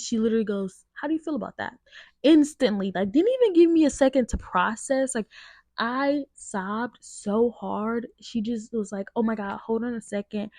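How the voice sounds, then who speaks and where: A woman's voice: mid-range voice, warm tone, dry recording. A young woman talks through a personal story for her podcast, candid and emotional, dropping "like" between phrases. Her voice sits in a middle register, and the recording is dry, with no room around it. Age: young adult. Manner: emotional, candid, with frequent fillers like "like". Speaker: podcast host. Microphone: changed to a lower-quality mic partway.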